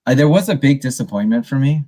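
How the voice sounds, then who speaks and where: A man co-hosting a relaxed podcast chat about a film. He rambles, stops and restarts his sentences, and livens up when he retells a scene. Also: medium pitch, quick pace. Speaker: podcast co-host. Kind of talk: casual movie review chat.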